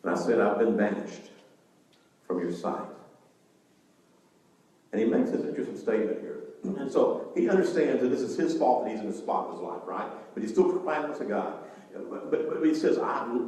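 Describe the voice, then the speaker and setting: A man preaching with real animation, his voice jumping up for emphasis and then dropping low and quiet. He is recorded from a distance in a big church hall, and the sound rings with long, echoing reverb. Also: very animated, normal speed. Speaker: pastor. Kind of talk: sermon. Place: church sanctuary.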